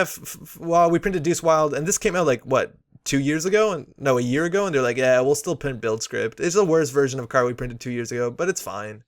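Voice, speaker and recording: Chatty man reviewing game cards. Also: on the high side. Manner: chatty, opinionated, many fillers. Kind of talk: casual unboxing commentary.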